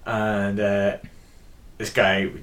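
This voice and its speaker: A man's voice: on the low side, extremely slow. Man telling an anecdote. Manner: animated anecdote-telling with laughs and fillers. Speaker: podcast co-host. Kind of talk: casual chat.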